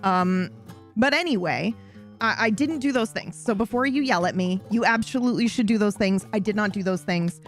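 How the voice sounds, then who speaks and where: A young woman streamer telling a story to her live chat, animated and swearing freely, often breaking into laughter. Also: medium pitch, normal speed, faint music behind.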